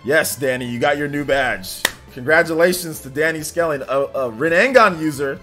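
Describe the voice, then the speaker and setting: A man's voice: a little high, moderate pace, sharp tone. A man hosting a casual livestream, talking straight to his viewers, reading their comments and laughing often. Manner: chatty, laughs often, answers viewers directly. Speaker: livestream host reading chat. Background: faint game music.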